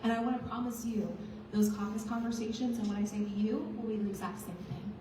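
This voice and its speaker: A woman's voice: fairly high pitch, steady tone, fairly quick, dark tone, slight background noise. A woman candidate giving an earnest, rousing campaign speech to a crowd. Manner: earnest, rousing, builds to emphatic lines. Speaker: political candidate. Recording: echoey hall, voice from far off.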